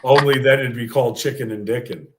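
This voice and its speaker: A man's voice: medium pitch, fast, noisy background. A man in his thirties from the Bronx with a New York accent, hosting a podcast and telling a crude, joking story. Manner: profane and joking. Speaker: podcast host.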